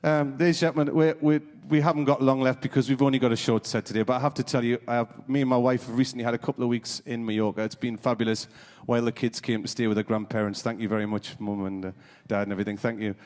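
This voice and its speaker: A man's voice: mid-range voice, steady tone, fast, darkish tone, long reverb tail. A man doing live stand-up as half of a comedy double act, chatting with the audience between jokes. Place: theatre stage.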